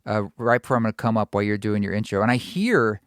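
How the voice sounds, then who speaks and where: Brief: man with a smooth, resonant voice, animated co-host, dry close sound. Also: fairly low pitch, fast talker, no room sound. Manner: lively, acts out his own reactions. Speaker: musician and co-host. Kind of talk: casual storytelling chat.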